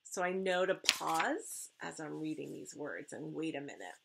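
A woman's voice: sits low, lively intonation, normal speed, vocal fry, hardly any pauses, fairly bright tone, slight background noise. A woman teacher reading a storybook aloud to her class from her living room, with chatty asides. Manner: chatty asides with light laughter.

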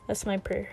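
A woman chatting casually while playing a game; she laughs often, rambles and sounds a little out of breath. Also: fairly bright tone. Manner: giggly and rambling. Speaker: gaming video creator.

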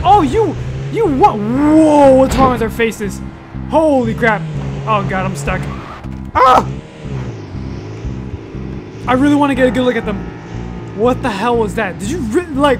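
A young man giving let's-play commentary, excitable, yelping and shouting at enemies, then calmly musing. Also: very high voice. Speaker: gaming YouTuber.

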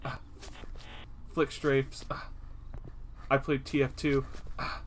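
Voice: medium pitch, level tone, slow pace, pauses often, slight background noise, low-quality recording. A young adult streamer giving live gameplay commentary, swearing often, laughing at the game and talking straight to the enemy.

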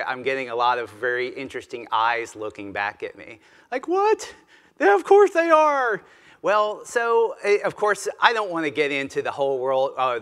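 A man in his fifties with a Southern US accent, a retired general giving a conversational, animated keynote speech at a conference. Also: medium pitch, clear, resonant tone. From Mississippi, US. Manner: conversational, animated, self-deprecating.

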